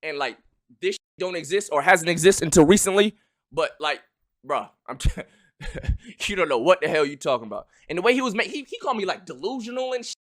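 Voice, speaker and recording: A young man streaming live, talking in an animated, loud way and swearing a lot as he argues his point. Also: high-pitched, brisk. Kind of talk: heated casual chat on a live stream.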